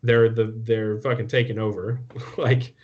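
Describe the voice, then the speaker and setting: A man's voice: level tone, unhurried, a little mellow. Man ranting with salty exasperation. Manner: exasperated, profane rant storytelling; pitch jumps up when worked up. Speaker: podcast co-host. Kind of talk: casual storytelling chat. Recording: muffled lo-fi podcast audio.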